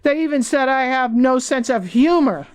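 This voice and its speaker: A woman's voice: sits high, animated, normal speed. A woman reading as a wry, candid woman. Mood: rueful. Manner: rueful, candid storytelling. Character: candid woman recalling hard times, wry.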